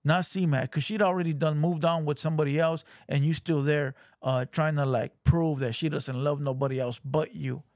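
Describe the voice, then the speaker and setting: A man's voice: fairly high pitch, steady tone, normal speed, few pauses, darkish tone, dry recording, clean studio sound. A man hosting a reaction show, talking in blunt, profane, scolding casual commentary.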